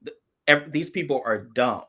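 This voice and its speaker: A man's voice: medium pitch, lively intonation, normal speed, pushed and bright, breathy edge. A man in his forties from South Carolina, co-hosting a casual political chat in an emphatic, impassioned way, often restarting his sentences. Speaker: podcast co-host.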